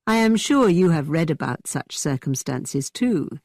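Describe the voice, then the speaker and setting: A woman voicing a teasing young man who tells spooky tales in a dramatically low voice. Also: sing-song, a little slow, dry recording, studio quality, heavily acted. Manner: dramatically low, hushed storytelling.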